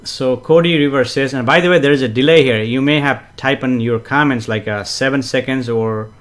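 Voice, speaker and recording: Relaxed man hosting a live stream. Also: medium pitch, fairly quick. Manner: chatty, relaxed, frequent fillers and soft chuckles; gently explanatory, repeats himself for emphasis. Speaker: live-stream host reading viewer comments. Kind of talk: casual live-stream chat with spiritual teaching.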